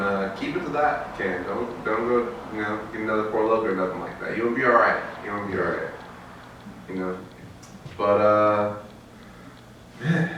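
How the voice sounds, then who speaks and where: Man, open mic host, lowish voice, laid-back, far from the mic, noisy background. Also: fairly bright tone. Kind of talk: casual emcee talk. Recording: echoey room, heard from a distance.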